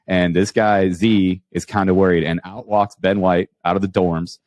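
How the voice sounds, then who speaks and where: A man hosting a podcast, telling animated anecdotes with many restarts and asking his guest questions. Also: low voice, moderate pace, dry recording. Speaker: podcast host. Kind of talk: casual storytelling interview.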